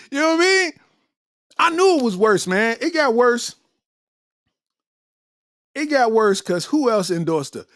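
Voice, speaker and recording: A male comedian hosting a podcast, riffing in an animated, slangy monologue and laughing often. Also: very high voice, normal speed, no echo, clean studio sound.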